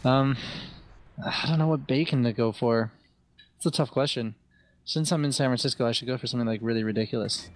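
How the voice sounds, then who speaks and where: Fast-talking British man chatting. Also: mid-range voice, dry recording. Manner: rambling, chatty, self-deprecating. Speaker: podcast guest. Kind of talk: casual podcast chat.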